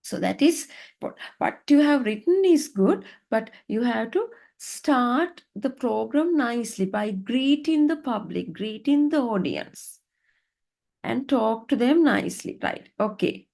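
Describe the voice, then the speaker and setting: A woman's voice: on the high side, expressive, a little slow, gravelly, a little mellow. A woman teaching an online lesson, patient and encouraging, often checking in with "right?". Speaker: English teacher. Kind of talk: online English lesson, coaching students. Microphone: video call.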